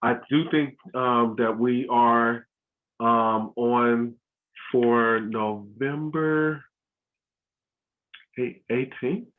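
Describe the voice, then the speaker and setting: Speaking extremely slowly with long pauses, a man hosts an online family learning session for a school, casual and full of ums and restarts. His medium-pitched voice holds a steady tone, and the video call sound is tinny.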